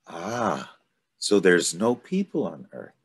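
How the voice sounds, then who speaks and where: Guy reading a storybook and doing a little boy prince from a star, curious and earnest, asking wondering questions in a raised, lively voice. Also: deep voice, slow pace, husky, voice pushed up, full character voice.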